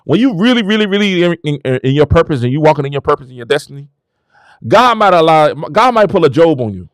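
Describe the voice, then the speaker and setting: Fervent man preaching with wild pitch swings. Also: sing-song, fast, clean tone, no room sound. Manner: fervent, emotional, swings from low murmurs to shouted exclamations. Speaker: show host. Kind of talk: preaching-style motivational talk.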